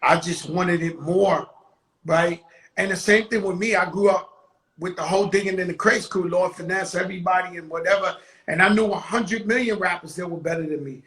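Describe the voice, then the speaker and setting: A man runs a casual interview in a high, bright, forceful voice. He talks loosely and emphatically, often repeating himself as he winds into his questions. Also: fairly even intonation, fairly quick. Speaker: host, rapper.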